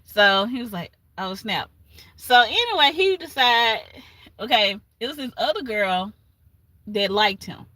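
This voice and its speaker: Bright-voiced woman retelling a story. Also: fairly high pitch, unhurried, no room sound. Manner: animated retelling with laughs and asides. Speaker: livestream host. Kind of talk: casual storytelling recap.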